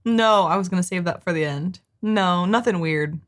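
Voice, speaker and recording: A woman's voice: lowish voice, normal speed. A woman from the United States, co-hosting a reaction video and teasing her partner in an easygoing, giggly way. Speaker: reaction channel co-host. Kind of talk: casual reaction chat.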